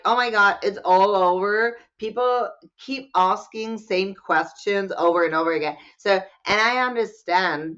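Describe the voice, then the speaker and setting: A woman's voice: fairly low pitch, fairly bright tone, muffled recording. A woman from Germany with a German accent, chatting as a podcast guest in a bubbly, candid way and laughing often. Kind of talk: casual interview chat.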